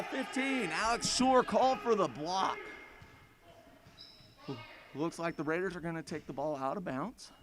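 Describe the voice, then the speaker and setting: A man with a high voice calls a school basketball game play by play in a folksy, chatty way, often speaking to the fans directly. He is recorded in a school gym. Bouncing balls and court noise are clearly heard behind him. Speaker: play-by-play announcer. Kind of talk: live basketball commentary.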